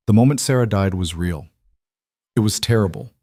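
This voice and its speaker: A man reading a scripted story in a measured, calm manner. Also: on the low side, dry recording, studio quality. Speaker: narrator.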